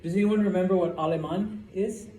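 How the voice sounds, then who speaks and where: Male language teacher, mellow tone, roomy classroom sound with faint noise. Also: sits high, fairly even intonation, a little fast. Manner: checks in with "okay?" after each point. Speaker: Spanish teacher. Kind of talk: classroom lecture.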